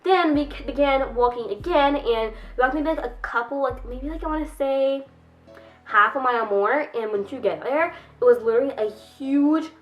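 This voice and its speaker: A woman's voice: high-pitched, moderate pace, highs cut off, soft background music. A young woman vlogger telling a casual storytime, rambling and filling her sentences with "like". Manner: rambling, heavy use of "like". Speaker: YouTuber.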